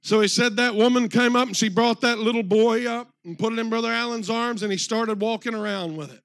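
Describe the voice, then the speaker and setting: A man preaching a sermon in a church, retelling a story through many quotes, slowing down and swelling for emphasis. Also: very high-pitched, steady tone, a bit bright, no room sound, clean studio sound.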